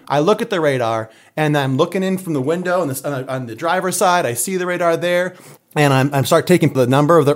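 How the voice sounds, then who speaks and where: A man chatting casually and telling a story in an animated, loud, excitable way. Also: on the high side.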